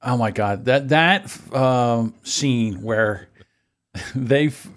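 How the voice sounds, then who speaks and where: A man co-hosting a podcast in crude casual banter, animated and breaking into loud chants and mock shouts. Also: mid-range voice, extremely slow. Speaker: podcast co-host.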